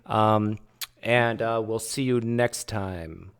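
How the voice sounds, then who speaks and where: A man's voice: on the low side, takes it slowly, clean tone. A man hosting a livestream, chatty and teasing, joking with his guest. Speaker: livestream host. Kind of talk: casual livestream chat.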